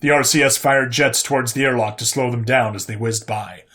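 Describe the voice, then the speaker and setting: A man's voice: medium pitch, brisk, a bit bright. Man narrating sci-fi steadily. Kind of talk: audiobook narration of a sci-fi story.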